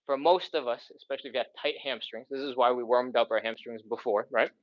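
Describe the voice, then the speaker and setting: A man's voice: medium pitch, steady tone, quick pace, lo-fi sound. A man leading a live follow-along stretching workout, counting down holds and sighing between counts while he stretches and catches his breath. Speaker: stretching instructor.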